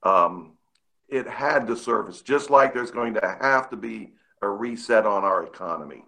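A man's voice: on the low side, moderate pace, gravelly, sharp tone. A man on a talk show arguing his point with a string of emphatic questions. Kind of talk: casual talk-show debate.

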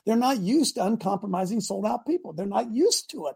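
Man, talk-show host, husky voice, preachy, call-in show. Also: high-pitched, lively intonation, a little fast, hardly any pauses. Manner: preachy, builds to shouting.

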